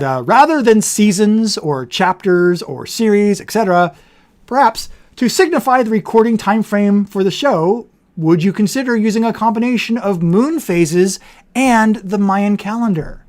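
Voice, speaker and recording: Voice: mid-range voice, expressive, measured pace. A livestream host of a board game show, chatting casually and rambling with frequent self-corrections. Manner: says their voice turns nasal on camera.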